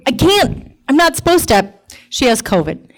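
Woman in her 40s telling a funny true story, lively and punchy, voice a bit on the high side. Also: moderate pace, rough recording. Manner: animated, emphatic, comic. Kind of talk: personal storytelling to an audience.

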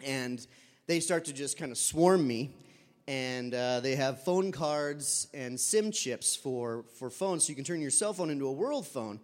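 A man's voice: medium pitch, a little slow. Man telling a story in a reverberant hall. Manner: conversational, with fillers and animated quoted voices. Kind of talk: live personal storytelling.

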